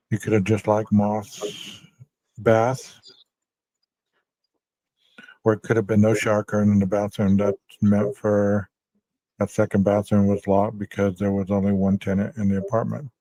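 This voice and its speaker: A man hosting a casual true-crime podcast who reads viewer chat and talks in a measured way, often saying "you know". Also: lowish voice, dark tone, no echo, rough recording.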